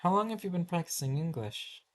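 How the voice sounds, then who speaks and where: Sitting high and sounding animated, a man speaks fairly quickly as a flustered first-grade teacher calling roll. In this amateur animation voice-acting clip, the patient teacher stumbles, starts his sentences again and keeps apologizing.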